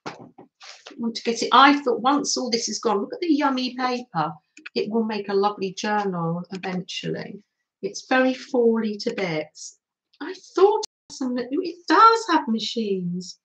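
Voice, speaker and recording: A woman's voice: a little high, a bit bright, a little hiss or hum, rough recording. An older woman hosting a casual craft livestream, gushing over her materials and answering viewers' comments as she works.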